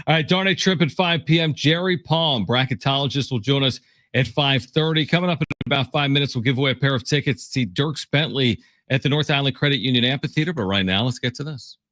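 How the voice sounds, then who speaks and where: A man's voice: mid-range voice, brisk, a bit bright, no echo, studio quality. Bantering male sports radio host. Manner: bantering, reads listener texts. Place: radio studio. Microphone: studio mic.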